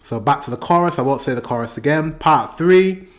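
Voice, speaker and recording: A man's voice: fairly high pitch, animated, brisk. British man casually reacting to music. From Britain. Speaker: reaction video host.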